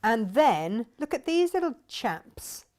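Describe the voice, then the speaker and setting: A woman's voice: on the high side, big pitch swings, takes it slowly, darkish tone. A middle-aged woman hosting a casual live fabric shop stream, chatting, reading out viewer comments and laughing often.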